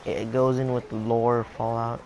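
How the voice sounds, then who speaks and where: A man co-hosting a casual game review, steering the topics and giving measured opinions. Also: medium pitch, flat delivery, a little mellow, slight background noise, rough recording. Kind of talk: casual chat.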